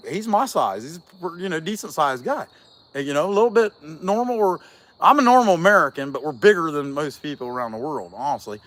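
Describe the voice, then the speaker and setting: A man's voice: fairly high pitch, fairly bright tone. A man, a chainsaw carver, telling a long casual story in a folksy, chatty way full of fillers.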